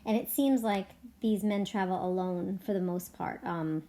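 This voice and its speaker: A woman's voice: medium pitch, normal speed, mellow. A woman teacher reads a novel aloud and keeps stopping for chatty, loose commentary. Her voice sits in a middle range, and her asides are full of fillers and restarts. A faint hiss runs underneath. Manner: chatty asides, frequent fillers and self-corrections. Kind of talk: read-aloud with casual commentary.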